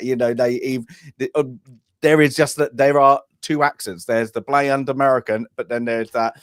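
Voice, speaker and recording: A man's voice: medium pitch, steady tone, moderate pace, clear, resonant tone, no echo, clean studio sound. An English man chatting casually about a film, rambling with many restarts and asides. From England. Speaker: film review panelist.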